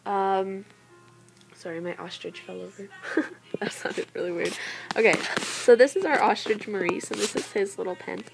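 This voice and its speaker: A woman's voice: mid-range voice, normal speed, gravelly, poor audio. A teenage girl giving a chatty, giggly show-and-tell tour of her toy collection, now and then losing her train of thought. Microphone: handheld camera.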